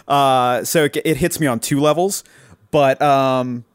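A man's voice: mid-range voice, measured pace, clear, resonant tone, no room sound. A man chatting casually on a podcast, hesitant and laid-back, with frequent fillers and restarts. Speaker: writer, podcast guest.

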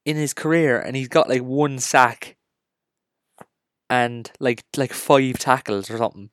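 An Irish man with a Cork accent hosting a solo podcast, ranting and joking in an excitable, casual way. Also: mid-range voice, unhurried, dry recording, studio quality. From Ireland. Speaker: podcast host.

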